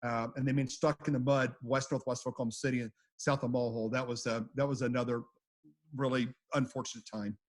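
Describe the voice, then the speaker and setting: A man's voice: mid-range voice, flat delivery, brisk. A man recounting storm chases as an interview guest, in a casual, rambling way that repeats phrases. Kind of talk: casual storytelling.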